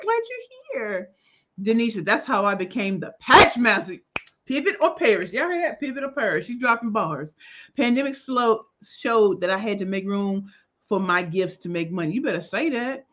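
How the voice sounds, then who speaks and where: Animated woman hosting a livestream. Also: medium pitch, highs cut off. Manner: animated, greets viewers by name, slangy. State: tired. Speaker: livestream host. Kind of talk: casual livestream chat.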